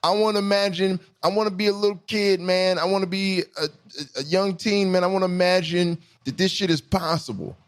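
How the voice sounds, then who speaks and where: A man hosting his podcast, riffing in an animated, profane, emphatic way in casual chat. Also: high voice, brisk. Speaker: podcast host.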